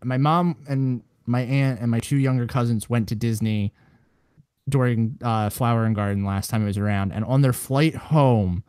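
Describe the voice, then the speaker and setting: A man's voice: medium pitch, moderate pace, clean tone, dry recording. A man with a mid-range voice talks casually and rambles through a long anecdote, building energy as he goes. His delivery is loose, full of "like" and restarts. The recording is close and completely dry. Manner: rambling animated storyteller. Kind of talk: casual chat.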